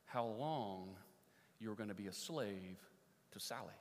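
A man voicing a gentle older grandmother who forgives her grandson, speaking softly and tenderly. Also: on the low side, a little slow, long reverb tail, a little hiss or hum, voice pushed down.

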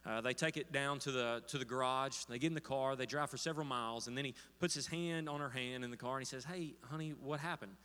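A man's voice: medium pitch, fairly even intonation, quick pace, few pauses, sharp tone, clear, resonant tone. A man telling a story in a sermon as pastor, with frequent fillers and restarts. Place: church sanctuary. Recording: long hall reverb.

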